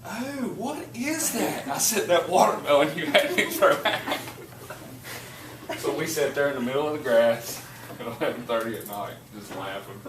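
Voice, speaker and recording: A man, teaching a class and telling a lively story, laughing as he goes. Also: mid-range voice, normal speed. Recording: echoey classroom from far off, noisy.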